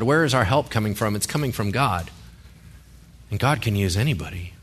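A man's voice: medium pitch, a bit bright. A male pastor giving a sermon in a conversational way, with joking asides and rhetorical questions.

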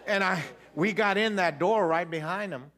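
A man giving an animated personal testimony, acting out voices, laughing and repeating himself as he tells it. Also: sits high, moderate pace, a faint crowd.

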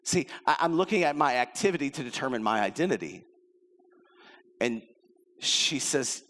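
A man's voice: mid-range voice, expressive, moderate pace, long pauses, fairly bright tone. Middle-aged male pastor, casual storytelling sermon, acts out quotes, long hall reverb. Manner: conversational preaching, acts out quotes.

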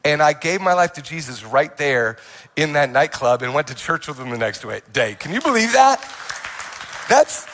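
Young male pastor, animated testimony, slightly high voice, restless restarts. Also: normal speed, a faint crowd. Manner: animated storytelling with many restarts and quoted asides. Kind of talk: sermon testimony.

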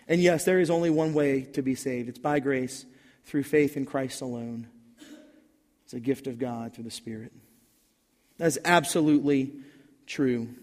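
A pastor preaching his sermon in a relaxed, conversational way that rises into emphatic bursts. His voice sits a little high for a man. It rings out with the long reverb of a church hall.

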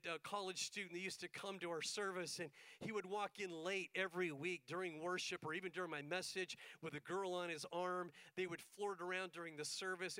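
A man's voice: high-pitched, pushed and bright, clear, resonant tone, dry recording, rough recording. A middle-aged male pastor telling a story in a sermon, acting out the dialogue as he goes.

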